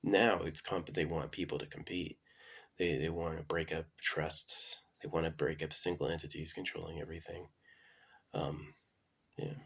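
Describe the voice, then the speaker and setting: Low gravelly man rambling. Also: flat delivery, moderate pace, fairly bright tone. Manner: meandering, many fillers and restarts. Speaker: channel host. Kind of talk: casual rambling monologue.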